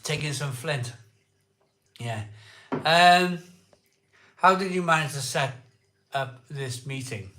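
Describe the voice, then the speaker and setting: An excitable man hosting a casual live stream, chatting with viewers, repeating himself and laughing often. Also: on the high side, takes it slowly, long pauses, reverberant. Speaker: live-stream beer show host. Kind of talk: casual live chat reading viewer comments.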